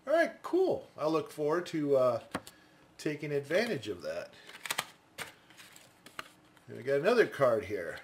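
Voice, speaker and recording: A man's voice: mid-range voice, expressive, unhurried, pauses often, background noise. A man giving casual, enthusiastic unboxing commentary on a pencil, chatting and thinking aloud as he goes. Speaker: pencil reviewer.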